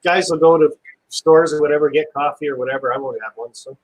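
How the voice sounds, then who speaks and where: A man's voice: a little high, fast, low-quality recording. A man with a Canadian accent hosting a casual live stream chat, easygoing and jokey.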